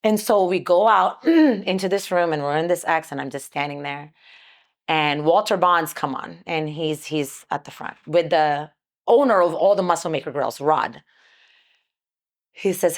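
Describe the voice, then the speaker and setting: A woman's voice: sits low, a little slow. Woman telling a story with acted-out quotes. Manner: lively, acts out quoted dialogue. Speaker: podcast guest. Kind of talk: casual storytelling.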